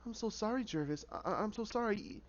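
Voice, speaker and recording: A man playing a gentle young woman, muffled. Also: a little high, a little slow, close to an everyday voice. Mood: tender pleading. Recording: dull lo-fi recording.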